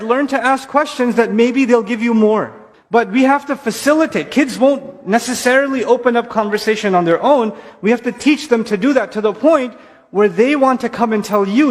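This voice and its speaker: A man with a high-pitched voice giving an animated, conversational talk to families. He often acts out little exchanges between kids and parents. His voice rings in a long-echoing hall. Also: a little fast. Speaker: speaker addressing parents. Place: hall before an audience.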